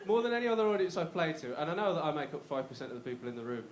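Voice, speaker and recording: Fast-talking Black Country comedian. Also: male voice, on the high side, sing-song. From Black Country, West Midlands, England. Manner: chatty and self-mocking, bantering with the crowd. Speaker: stand-up comedian. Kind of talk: live stand-up routine. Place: comedy club stage. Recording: roomy live club sound.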